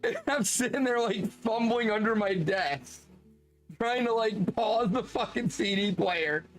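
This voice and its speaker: A man streaming, telling casual anecdotes in an animated way, laughing often and swearing freely. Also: sits high, unhurried, faint music behind. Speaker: streamer reading chat.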